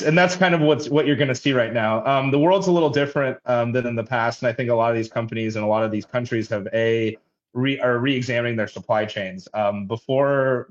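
A man running a logistics company, answering radio interview questions in a halting way with many restarts. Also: mid-range voice. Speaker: logistics company head, guest. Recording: dull lo-fi line.

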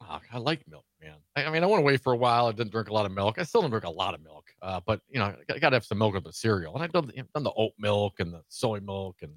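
A man co-hosting a political talk radio show, playing the relaxed, joking sidekick. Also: lowish voice, fast, hardly any pauses, no echo, clean studio sound. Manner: laid-back, joshing sidekick.

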